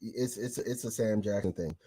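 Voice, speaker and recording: A man's voice: lowish voice, normal speed, slightly rough. A man co-hosting a sports podcast, talking in casual banter and cursing for emphasis. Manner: animated, emphatic, curses for effect. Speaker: podcast co-host.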